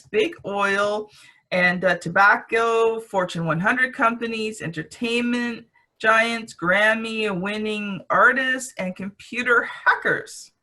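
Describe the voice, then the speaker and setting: A woman's voice: fairly high pitch, sharp tone. A woman with a Canadian accent hosting a podcast, introducing her guest with enthusiasm. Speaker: podcast host.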